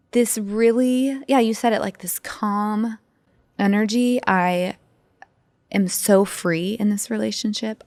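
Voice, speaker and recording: A woman speaking as a podcast guest, telling stories in an open, animated way with lots of fillers. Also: medium pitch, dry recording. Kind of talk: casual interview conversation.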